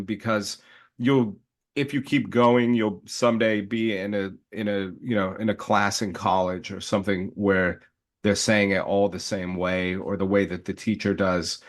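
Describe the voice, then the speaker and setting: A man with a fairly low voice talks through his ideas in an easygoing panel chat. He circles back and restarts his sentences, laughing now and then. The delivery is loose and conversational, like a teacher chatting with colleagues. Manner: thinks aloud with frequent restarts and laughs. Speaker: teacher and podcast co-host.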